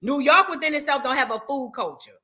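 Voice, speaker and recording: A woman from New Orleans with a New Orleans accent, hosting a reaction show in animated, chatty and profane talk with her viewers. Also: high voice, a little fast. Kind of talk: casual reaction chat.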